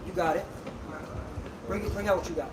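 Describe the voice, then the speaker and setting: A man with a high voice preaches hard on a street corner, scolding his listeners and punching his points with "all right?". He is caught from a distance, and the sound carries a roomy echo with loud traffic and street noise. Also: fairly quick. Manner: forceful and scolding, peppered with "okay?" and "all right?". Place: outdoors on a street. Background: traffic and street ambience.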